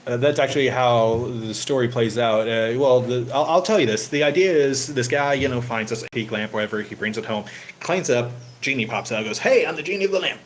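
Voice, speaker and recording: A man's voice: mid-range voice, fairly quick, slight background noise, rough recording. Rambling man chatting casually to viewers. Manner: rambling, full of "you know" fillers. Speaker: channel host. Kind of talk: casual livestream chat.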